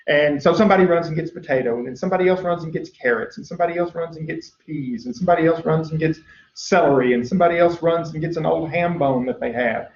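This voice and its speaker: A man with a higher-pitched voice lectures on biology at a quick pace, recorded far from the microphone. His delivery is casual and full of "uh"s, often veering into stories with acted-out voices. The recording has an echoey room, muffled lo-fi tone and light hiss.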